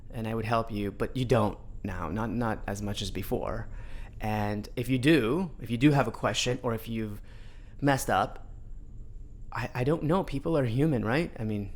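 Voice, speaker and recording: Relaxed, rambling man hosting a podcast. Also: mid-range voice. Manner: relaxed, rambling, self-deprecating. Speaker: podcast host, company boss. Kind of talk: casual podcast conversation.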